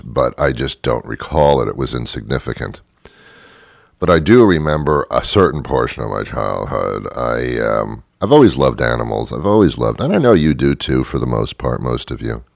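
A man's voice: rumbling low, lively intonation, moderate pace, gravelly, dry recording, clean studio sound. A middle-aged man hosting a show, telling a rambling comic monologue full of self-deprecating, apologetic asides. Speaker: show host.

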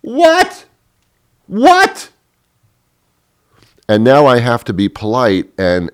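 A man ranting sarcastically in a comedic monologue, exasperated, often leaping into a shrill mock-outraged pitch. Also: no room sound, clean studio sound.

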